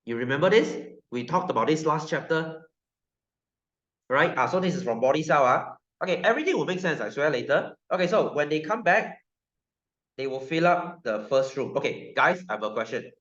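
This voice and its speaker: A man's voice: a little high, lively intonation, a little fast, a bit bright. Malaysian-accented man teaching science, playful, fires questions at the class, muffled and echoey. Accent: Malaysian English. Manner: joking, keeps quizzing students. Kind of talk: classroom lecture. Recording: roomy, dull sound.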